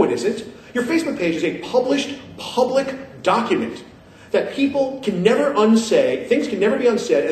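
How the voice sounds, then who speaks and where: Male conference speaker, lively and emphatic with a sarcastic edge, caught by a distant mic in a roomy hall. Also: on the high side, a little hiss or hum. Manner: emphatic, sarcastic, repeats points for effect. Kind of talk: animated lecture to an audience. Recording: echoey room picked up from a distance.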